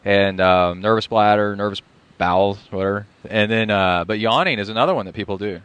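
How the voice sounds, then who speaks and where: A man's voice: fairly low pitch, brisk, fairly bright tone, clear, resonant tone, no echo. A man co-hosting a podcast, casually joking and explaining things in long, rambling asides. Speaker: podcast co-host. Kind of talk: casual chat.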